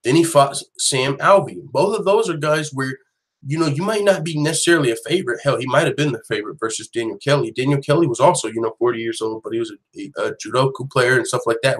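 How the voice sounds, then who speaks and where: A man hosting an online show, giving casual, profane, animated commentary full of quick restarts. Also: mid-range voice, low-quality recording. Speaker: host of an MMA news channel.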